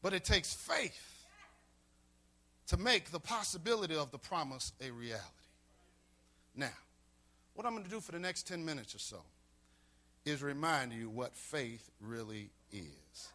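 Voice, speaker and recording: A man's voice: on the high side, lively intonation, a little slow, long pauses, pushed and bright. A man pastor preaching a sermon, repeating key lines for emphasis. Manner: preaching with call-and-response emphasis and repetition.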